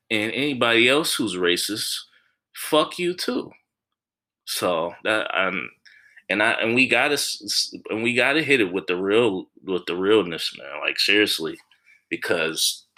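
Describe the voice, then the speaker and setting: A man's voice: low-pitched, pushed and bright. A man hosting a solo podcast, talking in a blunt, profane, casual way with many restarts. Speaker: podcast host.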